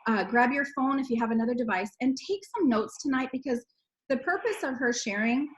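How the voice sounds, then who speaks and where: A woman's voice: high-pitched, brisk. A woman hosting a team sales video call, gushing and encouraging.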